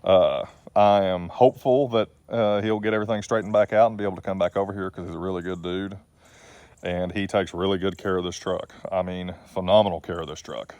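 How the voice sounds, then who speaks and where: Middle-aged man, low voice, folksy and rambling, dry recording. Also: fairly even intonation, a little fast, darkish tone, no echo. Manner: folksy, rambling, self-deprecating. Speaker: trucking business owner vlogger. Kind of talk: rambling casual vlog. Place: outdoors.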